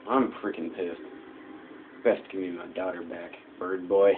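A young man with a deep, low voice riffs over his gameplay and mocks the characters on screen. The sound is tinny and lo-fi, with a faint hiss of noise behind him. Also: steady tone, measured pace. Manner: joking, talks back to the game characters. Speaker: gameplay commentator. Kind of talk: casual game commentary.

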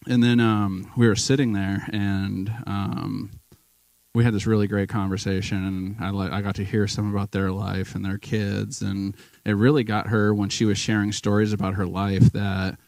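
Gravelly low-voiced man preaching casually. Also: level tone, normal speed, darkish tone, no echo, low-quality recording. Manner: rambling, emotional, full of restarts and fillers. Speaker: guest preacher. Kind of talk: casual sermon storytelling. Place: church.

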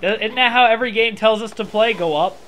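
A man with a high, boyish voice giving sarcastic, bossy, swearing commentary while his friend plays a video game. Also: quick pace, a bit bright, a little hiss or hum. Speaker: co-host watching and backseat-directing. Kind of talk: casual gameplay commentary.

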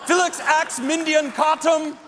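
A man voicing an eccentric, theatrical male candy-maker, loud and sing-song, in a large echoing hall. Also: very high-pitched, fairly even intonation, a little slow, a faint crowd, a little hiss or hum, pitched above the performer's own voice. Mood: indignant. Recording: long reverb of a large hall.

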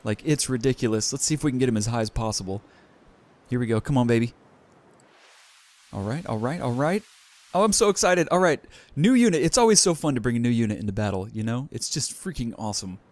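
A young man hosting a let's play, giving excited, enthusiastic gameplay commentary. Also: fast talker. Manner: enthusiastic, bursts of high excitement.

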